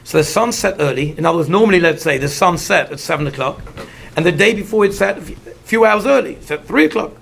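A high-pitched man with a gravelly, husky voice gives an animated Torah lecture. He mixes Hebrew terms into his English explanations and slips into the voices of the people in the story. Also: fast talker. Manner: animated, acts out the figures in the story. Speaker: Torah teacher.

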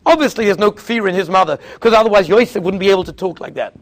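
A man giving a Torah class as a rabbi, telling stories and acting out the people he quotes, often repeating and restarting phrases. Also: quick pace. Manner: storytelling, acting out quoted speakers with sudden pitch jumps.

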